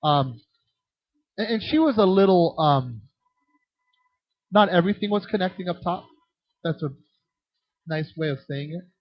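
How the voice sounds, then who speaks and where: This man's voice is high-pitched and a little slow, broken by long pauses, as he leads a children's ministry training workshop and answers audience questions. Animated, he performs voices in his stories and restarts frequently. The audio is dull, dry lo-fi with no echo.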